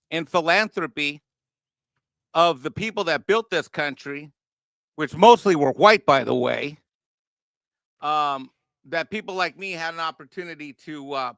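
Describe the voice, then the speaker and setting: Brash, sarcastic high-voiced man. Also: pushed and bright, dry recording. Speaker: co-host. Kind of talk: casual political chat. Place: home near a golf course.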